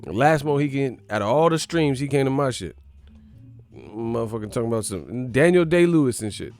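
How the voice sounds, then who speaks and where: A man's voice: medium pitch, lively intonation, normal speed, darkish tone. A man ranting on a boxing livestream, profane and mocking as he reacts to his chat. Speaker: boxing channel streamer. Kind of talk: casual livestream rant.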